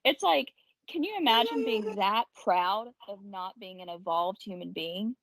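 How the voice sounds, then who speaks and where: A woman's voice: mid-range voice, animated, a little slow, fairly bright tone, slight background noise, poor audio. A woman co-hosting a casual podcast, riffing with sarcastic, profane commentary. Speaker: podcast co-host.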